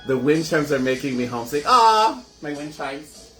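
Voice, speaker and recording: A man's voice: a little high, very animated, moderate pace, a bit bright, roomy sound, soft background music. A man hosting a casual live cocktail show from his kitchen, chatty and gushing as he greets viewers. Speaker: host of a home cocktail livestream.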